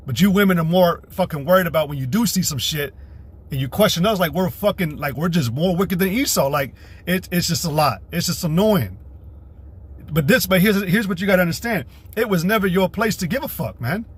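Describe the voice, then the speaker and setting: His voice is high and a little rough, with lively intonation and a slightly fast pace. This street preacher's livestream sermon is profane and confrontational, repetitive, and full of mimicking voices used to ridicule women.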